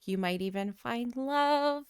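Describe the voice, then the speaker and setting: Clingy cheerful game villager girl, read by a woman, higher voice, smooth and dry. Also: takes it slowly, no room sound. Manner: reads game dialogue aloud in her own voice.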